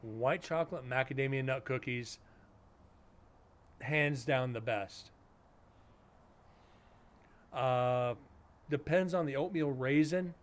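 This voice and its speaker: A male streamer talking casually to his chat, blunt and sarcastic, cursing often. His voice sits at an ordinary middle pitch for a man. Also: slow pace, long pauses. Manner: blunt, sarcastic, swears freely.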